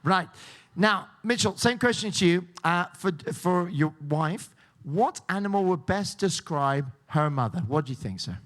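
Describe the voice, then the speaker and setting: A man's voice: high voice, animated, unhurried, a bit bright. A man hosting a game show, joking and teasing the contestants and laughing often. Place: cruise ship show lounge.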